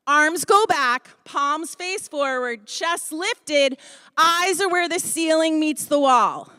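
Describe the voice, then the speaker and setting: A woman's voice: high-pitched, sharp tone, no echo, studio quality. A woman leading a group exercise class from a stage, upbeat and coaching as she counts out the moves into a handheld mic. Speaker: boxing fitness instructor. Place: expo hall stage, behind a podium. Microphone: handheld microphone.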